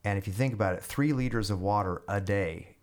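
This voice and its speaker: A man with a fairly low voice spins a long story in a casual podcast interview. He rambles, restarts and leans on fillers, his delivery animated and loose. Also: brisk. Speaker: guest musician and army veteran.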